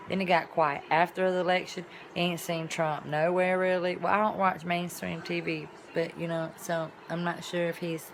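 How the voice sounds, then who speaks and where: A woman's voice: lowish voice, vocal fry, slight background noise. A woman vlogger talking in a casual, rambling monologue, with colloquial, folksy phrasing and sound-effect words.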